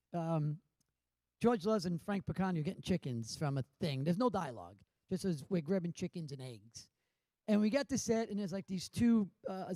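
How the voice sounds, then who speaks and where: A man on a panel, telling a lively anecdote and acting out quotes. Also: high voice, no echo. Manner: animated storyteller, acts out quotes.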